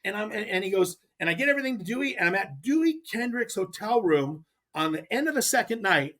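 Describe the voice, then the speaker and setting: Animated man telling a fishing story. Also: high voice, fast talker. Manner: animated, emphatic, rambling. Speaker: guest angler. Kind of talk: casual storytelling.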